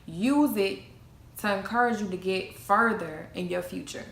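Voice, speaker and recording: A woman's voice: medium pitch, unhurried, vocal fry, fairly bright tone. A young adult woman giving an emphatic motivational talk about self-esteem, repeating her key phrases like a preacher. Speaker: motivational vlogger. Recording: echoey room, faint noise.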